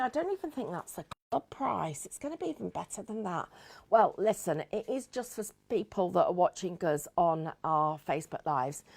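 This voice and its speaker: Woman, craft host, chatty, giggly, animated pitch. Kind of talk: live crafting demonstration chat.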